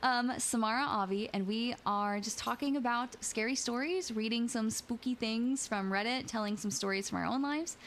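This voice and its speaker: Reading scary stories on her live stream, a young adult VTuber host chats playfully and giggles a lot with viewers. She speaks at a moderate pace with few pauses in a fairly high, fairly bright voice, over slight background noise.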